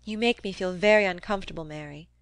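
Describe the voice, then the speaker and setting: A woman's voice: on the low side, quick pace, no echo, close to an everyday voice. A woman reading the part of a prim, mild young woman who complains in a lifted, reproachful tone.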